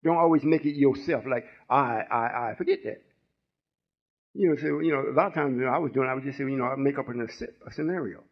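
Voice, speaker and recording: On a muffled lo-fi recording, a man in his late sixties, a spiritual teacher, talks fast in a medium-pitched voice. His sermon-style teaching is folksy and rambling, and he checks in with listeners call-and-response style.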